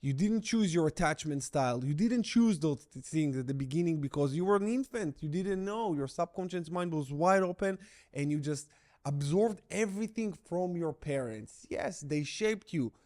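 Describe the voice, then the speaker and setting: A middle-aged man speaking straight to the camera as a breakup recovery coach. His voice sits a little higher than most men's. He talks bluntly and with emphasis, hammering key phrases over and over. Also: expressive, normal speed, a little mellow. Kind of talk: direct-to-camera coaching talk.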